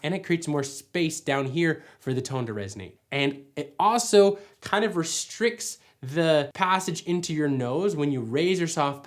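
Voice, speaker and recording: A man teaching singing technique in a casual, step-by-step way, now and then singing vowels to show the sound. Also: fairly high pitch. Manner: friendly, explains step by step, breaks into sung vowel demos. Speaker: vocal coach. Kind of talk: casual singing lesson with sung demonstrations.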